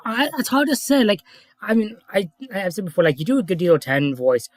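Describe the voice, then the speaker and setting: A man's voice: sits high, sing-song, a little fast, dry recording, clean studio sound. A man in his twenties chatting eagerly on a livestream, peppering his talk with "dude" and "like". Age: 20s. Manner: eager, friendly, says "dude" and "like" often. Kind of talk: casual livestream chat.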